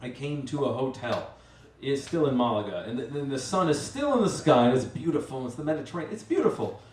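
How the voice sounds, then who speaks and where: A man's voice: mid-range voice, very animated, fast, darkish tone. Rambling male storyteller in a roomy hall. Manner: rambling and self-mocking, with many restarts. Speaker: master of ceremonies telling a story. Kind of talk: live storytelling on stage. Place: live event venue with an audience. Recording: roomy, distant mic, faint ambience.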